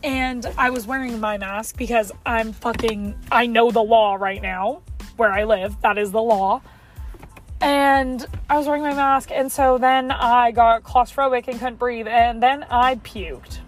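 A woman's voice: a little high, steady tone, soft background music. A young woman in her car telling a story to her phone in a chatty vlog, with lots of "like". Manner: chatty, fast, heavy use of "like". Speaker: vlogger.

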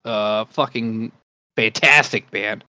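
A man's voice: lowish voice, slow, pushed and bright, no echo. A man co-hosting a podcast in casual chat, talking loosely and swearing often as he rambles. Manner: loose, profane, rambling banter. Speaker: podcast co-host.

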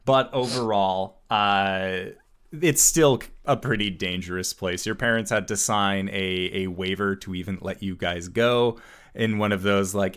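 Slow, low-voiced man running a game. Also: steady tone, fairly bright tone, smooth. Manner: halting, many filler sounds. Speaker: game master. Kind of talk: narrating a tabletop game.

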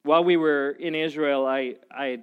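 A pastor delivers a sermon in a chatty, animated storytelling way. His voice sits a little higher than most men's. He jokes and asides freely while preaching. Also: normal speed, clear, resonant tone, lo-fi sound.

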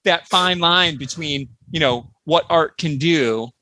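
A man with a somewhat high, bright, forceful voice hosts a casual podcast chat. He talks in an animated way, swears freely and breaks into quick laughs. The sound is dry and close. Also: no echo. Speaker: podcast host. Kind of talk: casual chat about comics.

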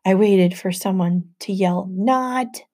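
A woman reading a novel aloud in the first person as an audiobook narrator, in an even, storytelling manner. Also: lowish voice, moderate pace.

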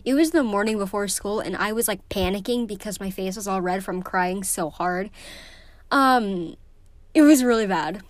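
A woman's voice: mid-range voice, moderate pace, no room sound. Teen girl vlogger, emotional and effusive, filler-heavy casual delivery, mid-range voice, dry close recording. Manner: gushing and emotional, many fillers. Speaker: book vlogger. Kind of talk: casual vlog chat.

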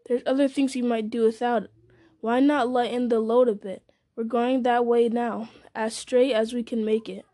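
A woman voicing a loyal, devoted male hobbit servant who talks in an earnest, plain-spoken, halting way. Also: on the high side, level tone, mellow, no room sound, lightly acted.

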